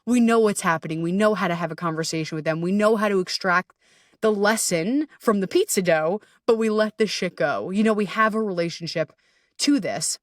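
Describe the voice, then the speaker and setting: A woman's voice: mid-range voice, fairly quick, no room sound, clean studio sound. Chatty, candid woman podcast host. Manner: chatty and candid, swears freely, acts out inner voices. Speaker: podcast host and anxiety coach. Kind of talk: casual solo podcast monologue.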